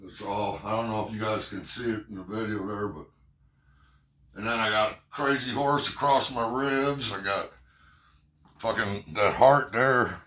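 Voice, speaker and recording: A middle-aged male vlogger tells his viewers rambling, profane, self-deprecating stories and jokes in a casual way. His voice is lowish, bright, and forceful, and he speaks unhurriedly.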